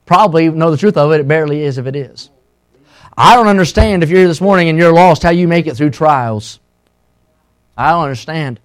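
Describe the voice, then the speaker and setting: A middle-aged man preaching a sermon as a pastor, impassioned and swinging between loud and hushed. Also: a little high, brisk.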